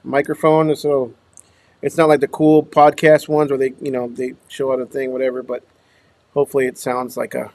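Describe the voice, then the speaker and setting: A man's voice: medium pitch, flat delivery, normal speed, a little mellow. A man from Minnesota who runs a dumpster rental business, chatting casually on a livestream, greeting viewers by name and trailing off into mumbles. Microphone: small clip-on microphone.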